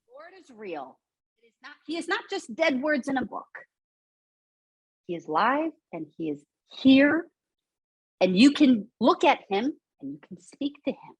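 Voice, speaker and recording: A woman's voice: sits high, very animated, measured pace, pauses often, slightly rough, no room sound. A woman speaking as a podcast guest, earnest and emphatic, repeating phrases for stress as she shares her faith. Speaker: guest, founder of a Pilates studio. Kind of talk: faith testimony in a podcast conversation.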